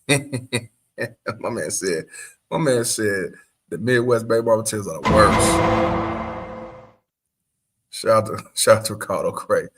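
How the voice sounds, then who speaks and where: A man's voice: fairly low pitch, slow, pauses often, fairly bright tone, soft background music. A man hosting a casual reaction show, profane and laughing often as he comments. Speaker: host.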